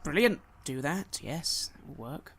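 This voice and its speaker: Gravelly-voiced man narrating a horror game. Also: on the high side, animated, measured pace, a bit bright. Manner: dramatic storytelling narration. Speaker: game master.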